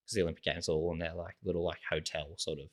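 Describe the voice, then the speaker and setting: Twenties Australian guy, deep low register, laid-back rambling storyteller, lots of "like" fillers. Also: flat delivery, racing. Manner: rambling, heavy use of "like" and "sort of" fillers. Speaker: guest. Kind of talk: casual conversational storytelling.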